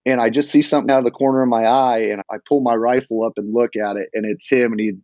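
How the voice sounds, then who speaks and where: A man telling a hunting story in a casual, animated and rambling way, full of restarts. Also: medium pitch, fast, no echo. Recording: dull lo-fi sound.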